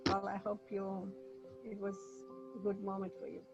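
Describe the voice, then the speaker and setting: A woman speaking English as a second language, giving a talk on a video call with hesitant pauses and restarts. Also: mid-range voice, completely flat delivery, dull audio, over music. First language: not English. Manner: hesitant, apologetic, with many restarts. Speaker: guest speaker. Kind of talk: online talk.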